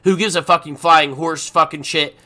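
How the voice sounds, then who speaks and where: A man streaming poker and ranting unscripted, profane, swinging between mutters and shouting. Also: on the high side, fairly even intonation, normal speed. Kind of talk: unscripted rant while playing online poker.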